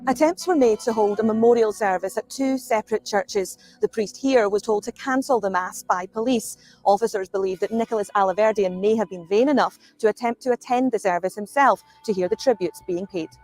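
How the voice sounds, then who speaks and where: A woman's voice: medium pitch, brisk, few pauses, darkish tone, soft background music. A woman reporter conducting a documentary interview, asking direct probing questions and narrating.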